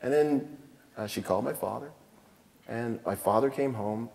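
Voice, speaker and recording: A man's voice: medium pitch, moderate pace, creaky, a little mellow. A man in his fifties, a commanding general, giving a keynote speech on a theatre stage and telling self-deprecating personal stories with frequent chuckles. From El Paso, Texas. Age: 50s. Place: theatre stage before an audience. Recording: long theatre reverb.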